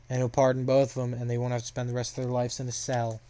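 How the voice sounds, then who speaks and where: A man's voice: medium pitch, monotone, fast talker, few pauses, mellow. A young man casually recapping a story plot, rambling with lots of fillers.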